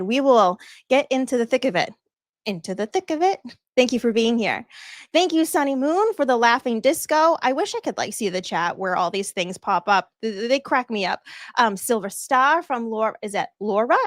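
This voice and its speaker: A woman's voice: a little high, animated, moderate pace, dry recording, studio quality. Bubbly Boston woman hosting a livestream. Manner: bubbly and effusive, laughs often. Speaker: livestream host. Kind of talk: casual live-stream chat thanking viewers.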